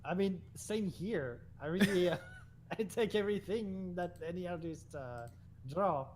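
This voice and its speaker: A man guesting on a stream, chatting casually and giggling between unhurried remarks. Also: sits high, animated, a little mellow, slight background noise. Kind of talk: casual chat.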